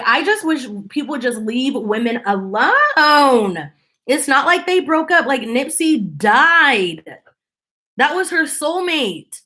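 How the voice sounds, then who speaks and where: A woman's voice: on the high side, pushed and bright. A woman hosting her channel, talking casually to viewers in an exasperated, sarcastic, opinionated way. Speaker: channel host.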